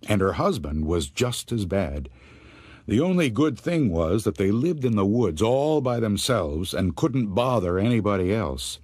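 A man narrating scary stories for an audiobook, telling them slowly and with suspense. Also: lowish voice, husky, dry recording. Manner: slow, suspenseful, expressive telling. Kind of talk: scripted storytelling narration.

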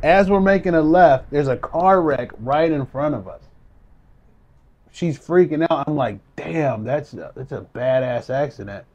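Casual male storyteller, higher-pitched, animated, swears freely. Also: unhurried, lo-fi sound, a little hiss or hum. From US Midwest. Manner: animated, laughing, swearing, acts out quotes. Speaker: storyteller in a group chat.

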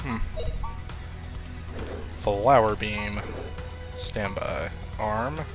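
A man giving casual, profane let's-play commentary with frequent laughs. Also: on the low side. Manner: swearing, laughing, unhurried. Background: game music.

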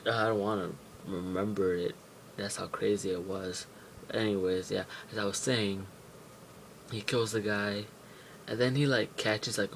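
Young guy rambling thru a casual vlog into a webcam, cussing a lot, low gravelly voice, lil bit of hiss. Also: rough recording. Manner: rambling, profane, many fillers and restarts. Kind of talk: casual vlog movie recap.

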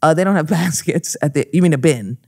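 Woman, comedic podcast guest, brash and animated, swears a lot, studio mic. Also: low voice, brisk, slightly rough, no echo. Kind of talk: casual chat, storytelling.

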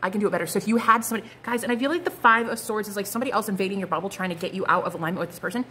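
A woman's voice: mid-range voice, racing, fairly bright tone, a little hiss or hum. A woman giving a casual, gushing tarot reading, full of slang and asides. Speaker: tarot card reader.

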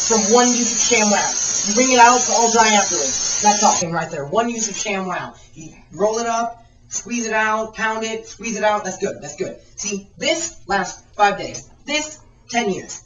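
A woman doing a parody infomercial pitch, rambling and repeating herself. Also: heavy background noise. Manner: rambling, repetitive sales patter. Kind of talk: mock infomercial. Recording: echoey room, far from the mic.

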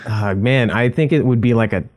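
A man's voice: mid-range voice, fairly quick, a little mellow. A man in a casual podcast chat, hesitant and searching for words.

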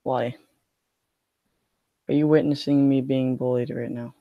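Whiny gravelly young man gaming. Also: mid-range voice, level tone, a little slow, no room sound, narrow, tinny audio. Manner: whiny, mock-scared, self-pitying complaining. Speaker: gaming streamer. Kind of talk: live-streamed card game commentary.

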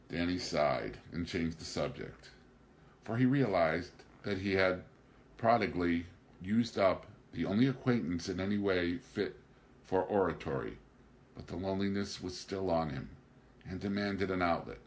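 A man with a fairly low voice reads a novel aloud as an audiobook narrator. His pitch moves in a lively way, staying even in the narration and rising for the dialogue. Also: measured pace. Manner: raises pitch and volume for dialogue, narrates evenly. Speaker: audiobook reader. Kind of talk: scripted narration.

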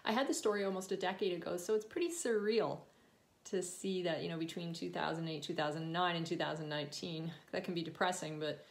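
A woman's voice: on the low side, brisk, gravelly. A woman author reading her own story aloud and chatting about it between passages, laughing often and drifting into asides.

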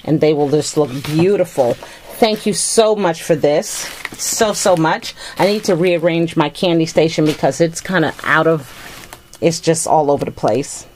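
A woman's voice: deep voice, unhurried, a little mellow, a little hiss or hum. A middle-aged woman chatting casually while unboxing a gift package, gushing with thanks over each item. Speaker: vlogger opening a gift package.

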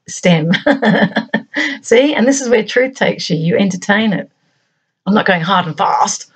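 A middle-aged woman hosting her own channel, musing aloud in a reflective monologue of short, halting phrases. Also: medium pitch, slightly rough. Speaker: channel host.

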